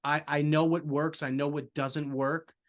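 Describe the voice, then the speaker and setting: A man's voice: fairly high pitch, flat delivery, measured pace. A man speaking earnestly as a podcast guest in casual chat, leaning on filler phrases.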